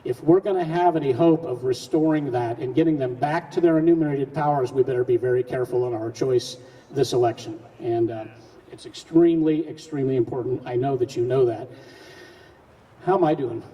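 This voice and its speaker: A man's voice: mid-range voice, fairly quick, mellow. A man giving an earnest, folksy public speech to a live audience, asking rhetorical questions and often restarting his sentences. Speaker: speaker at a public event. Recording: distant mic in a reverberant hall.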